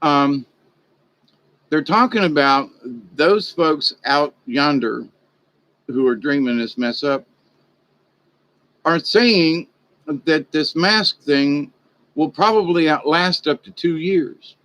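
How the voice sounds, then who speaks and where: A man's voice: a little high, slow pace, pauses often, low-quality recording. A man talking in a casual, rambling vlog monologue, folksy and chatty. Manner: folksy, chatty, animated in retold exchanges. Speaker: vlogger.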